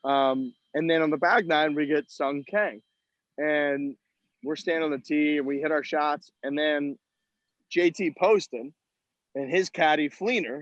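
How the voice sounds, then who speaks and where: A man with a slightly high voice tells self-deprecating golf stories, swearing freely in a casual, rambling way. He is calling in from outdoors at a golf event. The sound is dull and lo-fi, with little room echo. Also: moderate pace. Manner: profane storytelling, self-mocking. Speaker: podcast co-host. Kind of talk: casual chat.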